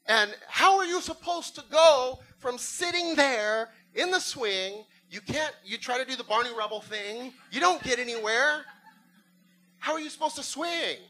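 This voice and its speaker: A man's voice: very high voice, bright, forceful tone, poor audio. A middle-aged man preaching a sermon, telling a funny story and acting out voices and sound effects. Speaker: pastor.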